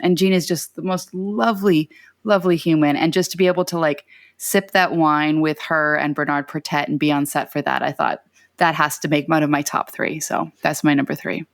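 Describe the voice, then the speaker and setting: A woman's voice: low voice, fairly even intonation, a little fast, no room sound. A woman, a podcast producer, chatting casually and laughing easily. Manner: chatty, laughs easily, uses many fillers.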